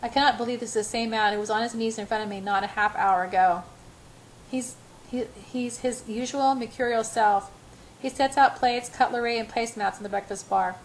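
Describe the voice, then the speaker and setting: A woman's voice: a little high, steady tone, brisk, slight background noise, low-quality recording. Woman reading a romance novel aloud. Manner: first-person reading with small slips and restarts. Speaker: narrator.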